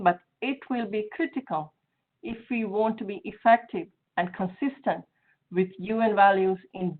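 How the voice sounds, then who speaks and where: Woman giving a formal speech over tinny webinar audio. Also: mid-range voice. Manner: measured, reads from a prepared text. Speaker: UN division director giving opening remarks.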